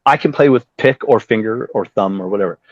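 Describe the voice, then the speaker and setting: A man's voice: on the low side, brisk, no room sound. A middle-aged man from Southern California, a musician telling a story in a casual interview, swearing freely and acting out the voices of other people. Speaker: musician guest. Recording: slightly dull, dry sound.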